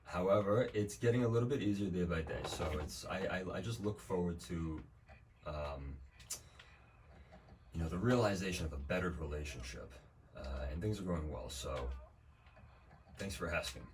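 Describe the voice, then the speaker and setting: A man's voice: sits low, moderate pace, long pauses. A young man streaming a video game, talking in a loose, rambling way with dry jokes and plenty of swearing. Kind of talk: casual gameplay commentary. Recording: distant mic with faint background noise.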